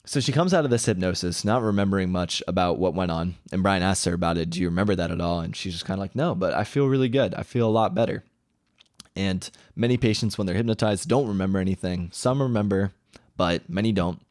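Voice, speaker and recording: A man's voice: low-pitched, fast, darkish tone, no room sound, studio quality. A man casually retelling a story from a book, rambling and correcting himself as he acts out quoted dialogue.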